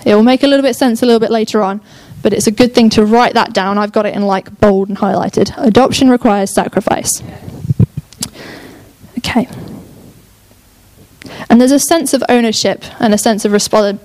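With a mid-range, a little mellow voice, fairly even intonation, and a fairly quick pace, a young woman delivers a sermon. She comes across as eager and talkative, frequently interrupting herself to restart her thoughts.

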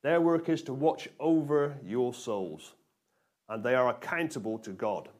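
A pastor preaches to his congregation with energy, pressing them for answers and leaning hard on repeated phrases. His voice sits at an ordinary middle pitch for a man. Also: a little slow. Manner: energetic, call-and-response with congregation, emphatic repetition. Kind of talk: sermon.

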